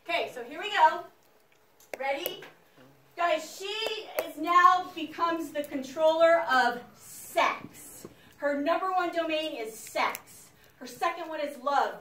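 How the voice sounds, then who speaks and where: Animated woman teacher in an echoey classroom. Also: high-pitched, measured pace, slight background noise. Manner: animated, chatty, addresses the class directly. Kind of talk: classroom lecture. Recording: echoey classroom, mic far off.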